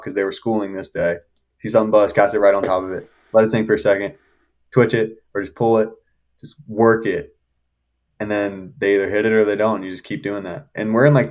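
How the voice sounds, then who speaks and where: A young man from the Shenandoah Valley, a podcast guest telling fishing stories in a casual, excited way, often laughing as he talks. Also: lowish voice. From Shenandoah Valley, Virginia. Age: young adult. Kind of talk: casual storytelling.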